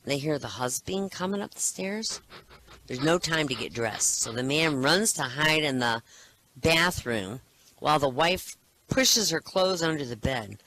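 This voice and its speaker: A man telling jokes as a comedian, animated and laughing at his own punchlines. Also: fairly high pitch, a little slow.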